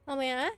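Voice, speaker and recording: Young woman streamer, high and bubbly, giggly rambling chat, dry close mic, faint music under it. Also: fairly bright tone, no room sound. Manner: giggly, rambling with many fillers and restarts. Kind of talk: casual chat while gaming.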